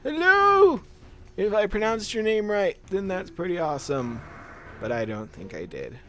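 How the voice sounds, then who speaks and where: A man's voice: high voice, animated, moderate pace. A young man chatting casually with viewers while playing a game on stream, laughing often. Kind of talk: casual gameplay commentary.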